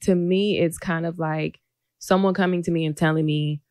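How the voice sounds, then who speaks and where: A woman's voice: lowish voice, fairly even intonation, moderate pace, a little mellow, clean tone, no echo, studio quality. Teasing woman co-hosting a podcast. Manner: teasing, slangy and conversational. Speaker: podcast co-host. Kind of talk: casual chat.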